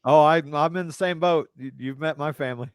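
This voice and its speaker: A man's voice: a little high, a little fast, clear, resonant tone, no room sound. Easygoing guy on a dry mic. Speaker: podcast host. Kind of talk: casual podcast chat.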